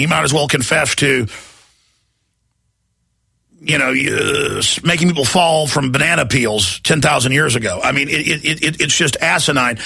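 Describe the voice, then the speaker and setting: A man's voice: a little high, creaky, sharp tone, breathy edge, no room sound. A man with a North Texas accent hosting a radio talk show, delivering an emphatic, scornful monologue with repeated words.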